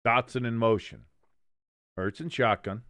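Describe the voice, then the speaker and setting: A man calls the plays of a live game for a stream audience, his voice sitting at an ordinary middle pitch. The sound is close and dry, with no room around it. He corrects his slips and throws in wisecracks between plays. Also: measured pace, fairly bright tone, no room sound. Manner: jokey, self-correcting, reads chat aloud. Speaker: watch-along host. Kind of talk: live play-by-play commentary.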